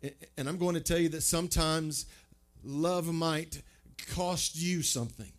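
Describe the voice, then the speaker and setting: A preacher delivers a sermon in a conversational, emphatic way, tossing rhetorical questions at his listeners. His voice sits a little high for a man. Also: unhurried. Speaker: pastor.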